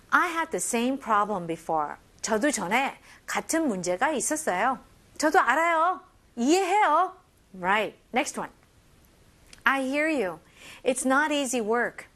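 A woman teaching English phrases to learners, switching between languages, modeling lines slowly and laughing between points. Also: on the high side, a bit bright. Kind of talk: bilingual language lesson.

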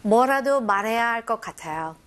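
A woman teaching phrases in a bilingual lesson, modeling each phrase slowly and deliberately. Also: a little high, animated, fairly bright tone, slight background noise. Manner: slow, deliberate modeling of phrases with frequent laughs. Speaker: English teacher. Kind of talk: bilingual English lesson for learners.

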